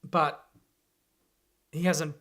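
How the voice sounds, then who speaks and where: Young male co-host, sharp bright tone, eager, keeps pitching ideas. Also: drawn-out words. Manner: excitable, chips in ideas, acts out lines. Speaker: podcast co-host. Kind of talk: casual comedic chat, brainstorming.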